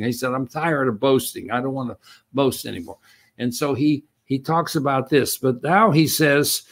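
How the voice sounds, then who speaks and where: Guy preaching a bible passage, slightly higher voice, reads verses slow then chats it through. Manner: reads scripture slowly with emphasis, then explains in loose conversational asides. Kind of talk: sermon.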